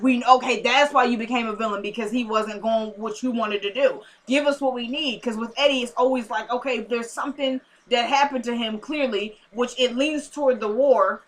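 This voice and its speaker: A woman reviewing a TV episode in a casual vlog, talking in an animated, sassy way straight to viewers. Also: a little high. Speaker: TV show reviewer.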